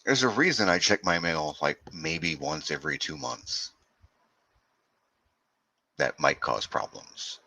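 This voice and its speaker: Deep, lively man with wry humour. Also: slow, gravelly, long pauses, dry recording. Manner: wry, swears casually. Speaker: livestream guest. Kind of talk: casual livestream chat.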